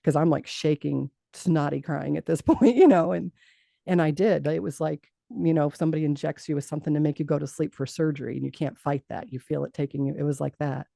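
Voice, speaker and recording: A middle-aged woman telling a personal story in an interview, lively and acting out what others said, with frequent laughs. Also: low voice, a little fast, gravelly, no room sound. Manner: animated storytelling, acts out quoted voices, laughs often. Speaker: guest.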